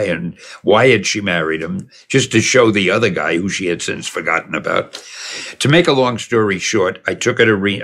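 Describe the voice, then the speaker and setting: This older man's voice sits on the low side with a fairly bright tone. Reminiscing casually, he tells a lengthy, meandering story from his past and chuckles as he goes.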